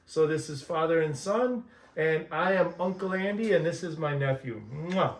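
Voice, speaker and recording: A man's voice: fairly high pitch, normal speed, far from the mic. A man hosting a casual family vlog, playful and teasing as he chats with his relatives. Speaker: vlog host. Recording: echoey room, faint background noise.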